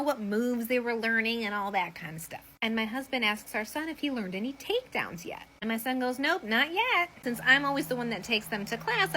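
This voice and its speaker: A woman's voice: a little high, slight background noise. A woman in her thirties telling comedic stories about her family to the camera, acting out everyone's voices. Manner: animated, acts out voices of family. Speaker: social media storyteller.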